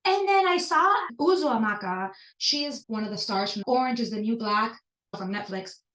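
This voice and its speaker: A woman in her thirties telling personal stories as a podcast guest, animated and jumping up in pitch when she stresses a point. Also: moderate pace. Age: 30s. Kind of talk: personal storytelling in conversation. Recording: echoey room.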